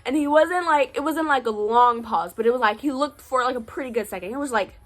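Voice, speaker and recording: A young woman in her late teens recounts a personal story to her camera, slightly high-pitched and animated. She talks casually, leaning on "like" and acting out what people said. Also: a little fast, soft background music. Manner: chatty, animated, lots of "like". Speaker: vlogger.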